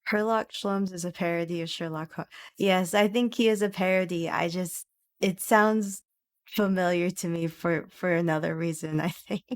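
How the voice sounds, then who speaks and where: A young woman streamer commenting on a story game with animated, giggly, dramatic reactions. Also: fairly low pitch, moderate pace.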